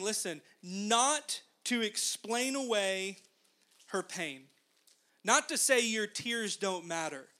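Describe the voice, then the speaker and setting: Bright high-voiced male pastor. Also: takes it slowly. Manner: conversational, animated storytelling. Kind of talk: sermon.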